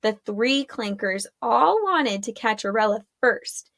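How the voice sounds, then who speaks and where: A woman narrating a chapter of a fantasy story in a steady storytelling manner. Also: on the high side, takes it slowly, dry recording, studio quality. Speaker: audiobook narrator. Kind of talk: scripted narration.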